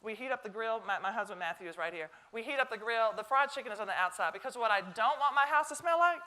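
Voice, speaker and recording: A middle-aged woman with a Southern American accent gives a chatty, joking cooking demonstration in a stage kitchen before a live audience. Her voice is on the high side, expressive and sharp in tone, and she speaks at a quick pace.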